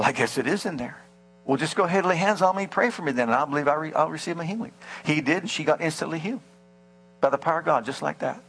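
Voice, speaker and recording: Husky preacher guy telling a story in a sermon, low mains hum under it. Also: a bit bright, poor audio. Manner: storytelling, acting out quoted voices, reading scripture aloud.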